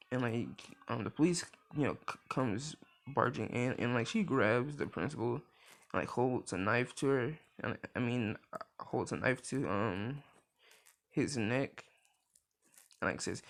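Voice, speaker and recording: Brief: young guy, gravelly, lively swoops, rambling casual storyteller. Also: medium pitch, normal speed. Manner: rambling, filler-heavy, many restarts. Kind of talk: casual improvised fan story.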